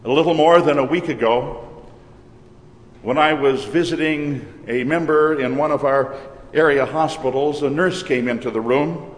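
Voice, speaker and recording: A man from Minnesota with a Minnesotan accent, preaching a sermon as pastor in a measured, deliberate way. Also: a little high. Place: church. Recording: reverberant church hall.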